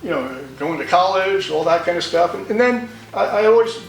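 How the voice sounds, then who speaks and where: A man's voice: high-pitched, expressive, moderate pace, vocal fry, echoey room, far from the mic, faint music behind, rough recording. An older man from New York telling stories about his motorcycle in a rambling, folksy way with many restarts. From New York, USA. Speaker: interviewee, motorcycle owner. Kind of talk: storytelling interview.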